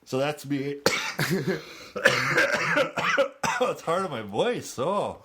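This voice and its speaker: A man hosting a podcast, reading aloud from a book in a relaxed, chatty way. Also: on the high side, a little slow, background noise. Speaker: podcast host.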